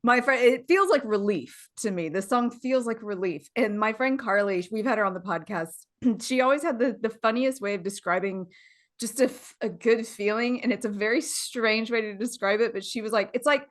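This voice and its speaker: A woman's voice: a little high, moderate pace. Chatty Texan woman podcaster. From Houston, Texas. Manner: chatty, laughs often. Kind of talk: casual podcast chat.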